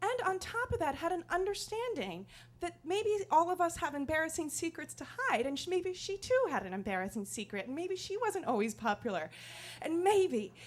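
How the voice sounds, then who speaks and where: A woman comedian telling a self-deprecating story on stage in an animated, comic way. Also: very high-pitched, normal speed. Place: live storytelling stage before an audience.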